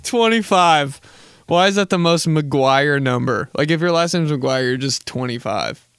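A man's voice: medium pitch, smooth, dry recording. Rambling, profane young guy. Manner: rambling, profane, self-mocking, full of "like" and laughter. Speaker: podcast host. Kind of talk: casual comedic storytelling.

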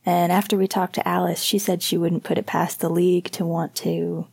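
A gentle, teasing young hockey goalie, voiced by a woman reading an audiobook. The voice sits low and gravelly, with a husky, darkened tone. He talks softly and earnestly. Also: little pitch movement, normal speed, no room sound, clean studio sound, exaggerated voice. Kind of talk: audiobook character voice.

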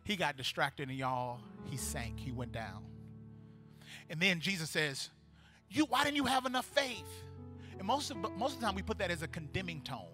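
A male pastor preaching a sermon, animated and building to loud, fervent praise, acting out voices from the story. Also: a little high, moderate pace, music in the background.

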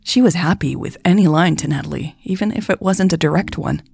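A woman narrating romance fiction in a measured, even storytelling voice. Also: low voice, creaky, soft background music. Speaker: podcast author and narrator.

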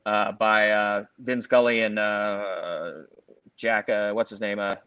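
A man's voice: fairly low pitch, slow, smooth, dry recording. A man in his forties from the Los Angeles area, co-hosting a sports podcast in casual chat and telling long, rambling stories full of fillers. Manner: rambling, filler-heavy, animated storytelling. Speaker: podcast co-host.

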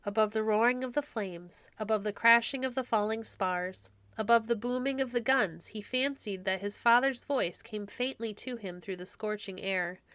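A woman reads classic stories aloud in a gentle, measured storytelling manner. Her voice is smooth and clear at a middle pitch, recorded close on a studio mic with a dry sound. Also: dry recording. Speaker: storytelling podcast host. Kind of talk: storybook read-aloud narration.

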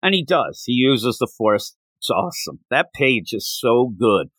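A man hosting a podcast, recapping a comic in casual, rambling, animated chat with lots of filler words. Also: medium pitch, measured pace, husky, no echo. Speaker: podcast host.

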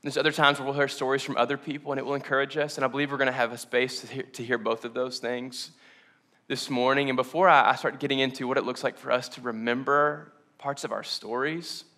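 Bright-voiced man preaching an earnest sermon. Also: mid-range voice, level tone, fast. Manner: earnest and confessional, with self-conscious laughs and restarts. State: emotional, close to tears. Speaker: pastor.

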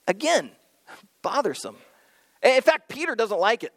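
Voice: mid-range voice, animated, normal speed, dry recording. A pastor preaching a sermon in a conversational, storytelling manner, with light humor and frequent restarts.

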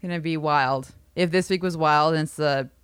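A woman's voice: deep voice, moderate pace, a bit bright, clean tone, dry recording, studio quality. A woman co-hosting a podcast, chiming in with quips and laughter during a casual recap. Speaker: podcast co-host.

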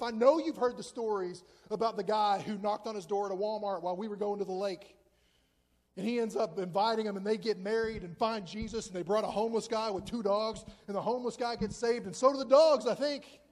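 Casting: man in his 40s, very high voice, chatty self-deprecating sermon, long hall reverb. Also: darkish tone. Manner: conversational, joking, self-deprecating. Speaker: preacher.

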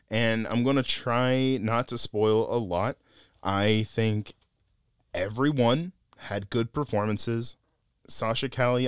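A man co-hosting a casual podcast film review, animated and laughing often as he acts out lines he quotes. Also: medium pitch, clean tone, no room sound, studio quality.

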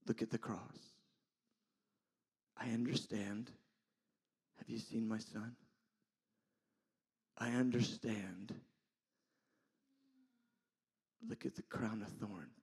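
A man voicing God as patient and tender, speaking in a hushed, near-whispered way. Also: fairly low pitch, steady tone, takes it slowly, long pauses, slightly rough, heavily acted.

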